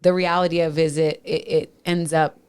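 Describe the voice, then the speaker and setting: Woman co-host, 30s, Minnesota accent, low-pitched, earnest and laughing in a casual studio talk. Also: little pitch movement, normal speed, darkish tone, clean tone. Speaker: podcast co-host. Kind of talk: casual marriage chat.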